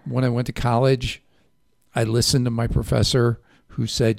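A man's voice: mid-range voice, flat delivery, normal speed, vocal fry, a little mellow, dry recording. A man with a Chicago accent hosting a radio show from a studio, chatty and self-deprecating. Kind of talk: casual talk radio banter. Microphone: studio microphone.

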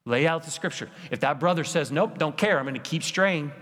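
In a church sanctuary with long reverb, a man preaches as pastor, his voice a little high, expressive, brisk, and fairly bright. He pleads earnestly, leaning on repeated rhetorical lists.

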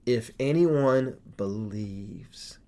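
Podcast host, male, mid-pitched, earnest and explanatory. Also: drawn-out words, darkish tone, a little hiss or hum. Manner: earnest, explanatory, building points step by step. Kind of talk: casual faith podcast discussion.

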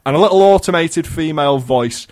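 A man's voice: fairly high pitch, fairly quick, darkish tone. Rambling man telling a story. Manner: rambling, stumbling restarts. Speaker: podcast host. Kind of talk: casual chat, storytelling.

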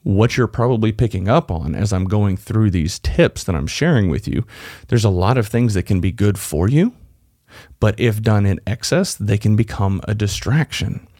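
A man's voice: lowish voice, lively intonation, moderate pace, darkish tone, dry recording, studio quality. A man from Texas with a Texan accent, hosting a solo podcast and coaching listeners directly in a conversational way. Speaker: podcast host. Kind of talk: solo podcast tips talk.

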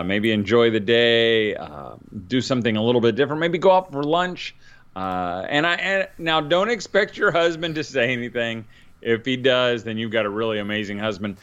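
A man's voice: medium pitch, expressive, normal speed, fairly bright tone, smooth. Tired rambling middle-aged man. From northern Indiana. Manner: rambling, many fillers. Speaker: podcast co-host, father. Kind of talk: casual chat. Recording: dull lo-fi sound.

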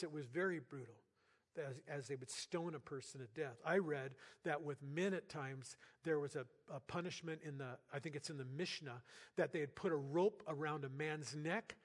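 Older male pastor preaching in a reverberant hall. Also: a little high. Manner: earnest, conversational preaching with sudden loud emphatic bursts. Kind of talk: sermon. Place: church sanctuary.

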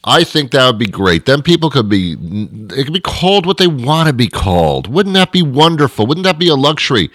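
A man's voice: mid-range voice, sing-song, a little fast, few pauses, no room sound. Rambling man hosting a dry monologue. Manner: rambling, self-mocking, drifts between quiet asides and louder rants. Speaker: host.

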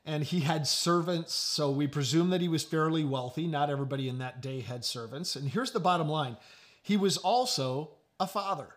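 A middle-aged man preaching a sermon. He tells a story in a conversational way and often drops to a low, quiet voice. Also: normal speed. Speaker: pastor.

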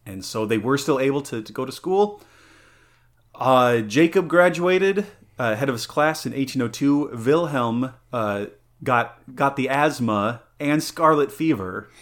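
A man's voice: mid-range voice, expressive, measured pace. A man co-hosting a casual podcast, rambling through a story with lots of fillers, restarts and laughter. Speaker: podcast co-host.

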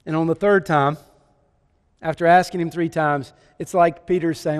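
A man's voice: a little high, fairly even intonation, moderate pace, clean tone, long reverb tail. A man preaching a sermon, telling the story with many rhetorical questions.

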